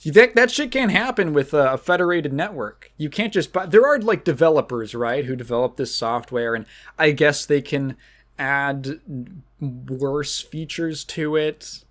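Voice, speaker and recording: A man's voice: a little high, animated, measured pace, a bit bright. A man hosting a podcast in casual chat, rambling and swearing, laughing often and acting out quoted exchanges. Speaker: podcast host.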